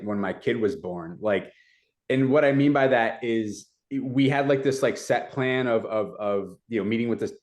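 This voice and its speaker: A young adult man, a community advocate, retelling events in a casual, animated way with many fillers. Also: medium pitch. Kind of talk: casual storytelling.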